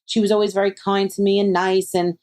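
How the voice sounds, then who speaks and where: A woman talks as a guest on a podcast. She tells stories in an animated way, slipping into her friends' voices, then settles into calm advice. Her pitch sits in a middle range. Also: a little fast. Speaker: psychic medium guest. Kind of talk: conversational interview.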